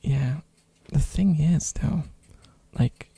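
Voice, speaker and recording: Hoarse, gravelly soft-spoken ASMR rambler. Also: mid-range voice, fairly even intonation, takes it slowly. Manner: rambling, with frequent fillers and giggles. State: hoarse from a throat infection. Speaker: ASMR streamer. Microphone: binaural mic.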